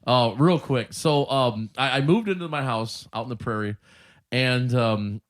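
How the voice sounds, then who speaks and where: Speaking a little slowly in a mid-range voice, a podcast host with a Northwest Ohio accent chats casually and tells stories. He's an animated storyteller who laughs often and acts out the voices of the people involved.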